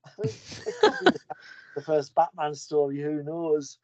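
Brief: enthusiastic male podcast host, mellow, rambling, dry lo-fi sound. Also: on the high side, wildly swooping pitch, unhurried. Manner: enthusiastic, rambling, with frequent restarts. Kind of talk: casual comic book recap. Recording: dull lo-fi podcast audio.

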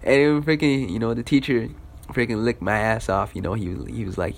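A man's voice: mid-range voice, fairly even intonation, brisk, creaky. A young man telling a casual story in a loose, profane style, with lots of fillers.

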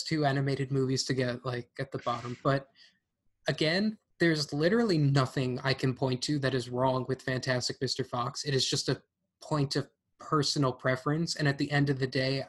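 A man's voice: mid-range voice, fairly bright tone. A man co-hosting a podcast, casually ranking films and hedging his opinions with lots of fillers and restarts. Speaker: podcast co-host. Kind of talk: casual film-ranking chat.

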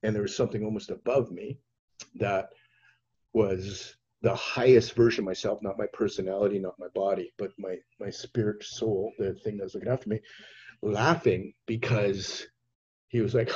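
A man hosting a podcast, telling a story with animated energy and acting out the voices in it. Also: fairly low pitch, moderate pace, husky, highs cut off. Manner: expressive, acts out voices in his anecdotes. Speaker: podcast host.

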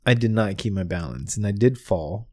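A young podcast co-host sheepishly recounts his own drunken mishap in a casual storytelling chat, mocking himself and laughing. His voice is on the low side, animated, and moderately paced, in a dry, studio-quality recording.

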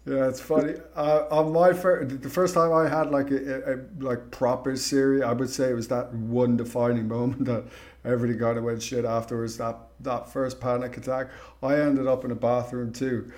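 A man's voice: medium pitch, little pitch movement, normal speed, a little mellow. A man hosting a podcast, talking in a frank, casual way with plenty of swearing. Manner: frank and profane. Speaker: podcast host. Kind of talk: casual conversation.

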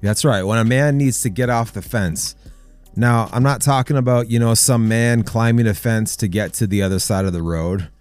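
A man's voice: lowish voice, moderate pace, a little mellow, clean tone, faint music behind. A man hosting a casual Christian men's talk, telling stories in an earnest, chatty way. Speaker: host.

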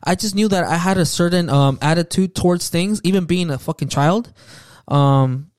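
A man's voice: high voice, moderate pace, a little mellow, no room sound, clean studio sound. A man co-hosting a casual podcast chat, agreeable and slangy, swearing freely. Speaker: podcast co-host.

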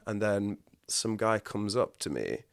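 Man, lower voice, dry close sound, earnest, confessional storytelling, halting restarts. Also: very animated, gravelly, no echo. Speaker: podcast guest. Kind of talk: candid personal storytelling.

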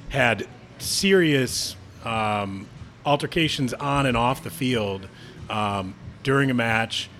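Man, lowish voice, hesitant, thinks aloud, casual pub chat. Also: fairly bright tone, a little hiss or hum. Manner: hesitant, thinking aloud with many ums and restarts. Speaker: podcast co-host.

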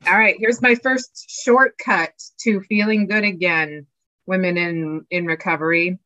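A woman co-hosting a podcast, chatting casually and acting out her inner voices in an animated way. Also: fairly low pitch, a little slow, no echo. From Oregon, US. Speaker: podcast co-host, nonprofit executive director. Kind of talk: casual conversation. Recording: dull, lo-fi sound.

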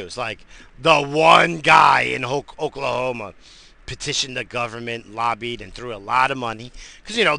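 A man's voice: medium pitch, vocal fry, pushed and bright. A man hosting a podcast, rambling through a profane casual rant, swearing constantly and stammering on his restarts. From family from the Azores. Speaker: podcast host.

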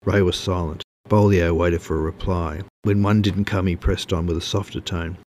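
Man, narrator, very deep voice, measured audiobook reading, light background hiss. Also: fairly even intonation, darkish tone.

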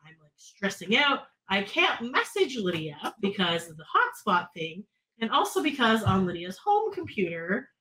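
A woman co-hosting a casual podcast, telling a story in an animated, dramatic way. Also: medium pitch, moderate pace, poor audio. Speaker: podcast co-host. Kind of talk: casual chat.

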